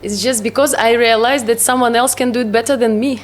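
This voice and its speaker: A woman with a Russian accent talking as a guest in a casual interview. Her first language is Russian, and she talks haltingly, hunting for English words and laughing often. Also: fairly high pitch, fairly even intonation. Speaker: psytrance producer, guest.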